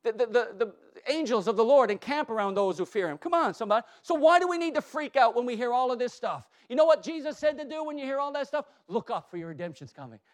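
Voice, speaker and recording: A man preaching a sermon, emphatic, calling out to his congregation and repeating words, often dropping to a soft, low tone. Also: animated, fast talker, hardly any pauses. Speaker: pastor.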